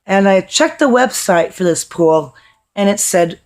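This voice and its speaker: A woman with a hoarse, worn voice tells a story to her camera in a loose, chatty way. She is blunt and swears casually as she talks. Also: mid-range voice, lively intonation, a little slow, a little mellow. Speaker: vlogger.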